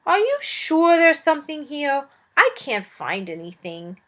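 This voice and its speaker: A woman voicing a grumpy, impatient dragon who speaks slowly with a put-on accent. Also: high voice, wildly swooping pitch, a bit bright, pitched above the performer's own voice, exaggerated voice. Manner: slow drawling delivery with a put-on accent.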